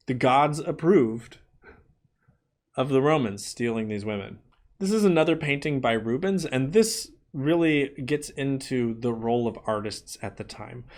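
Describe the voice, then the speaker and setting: A man teaching an art history lesson in a clear, explanatory way, sometimes slipping into playful asides. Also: medium pitch. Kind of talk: classroom lecture.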